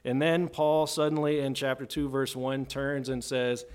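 A man preaching an expository sermon. He talks conversationally, often checks in with "right?", slows down for emphasis and climbs in pitch and volume when he acts out quotes. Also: little pitch movement, clean tone. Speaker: pastor.

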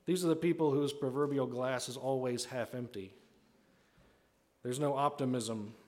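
A man's darkish, mid-range voice moves at a moderate pace as he preaches. The pastor's sermon feels like conversation, peppered with "right?" and impressions of the people he's quoting.

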